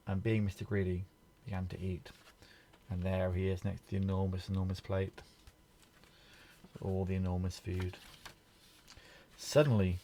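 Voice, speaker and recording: Gravelly low-voiced man reading a picture book. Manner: gentle, pointing out pictures to the listener. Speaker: storybook reader.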